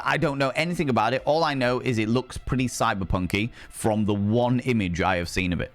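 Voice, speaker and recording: A man's voice: medium pitch, fairly quick, few pauses, faint music behind. A man with a Yorkshire accent chatting casually and swearing often on a live stream, laughing easily.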